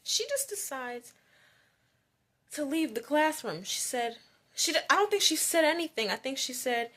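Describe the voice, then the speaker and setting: A woman's voice: high-pitched, moderate pace. A woman vlogger telling a childhood story in a casual, chatty way, rambling with lots of fillers. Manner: chatty, rambling, many "like"s, grows animated.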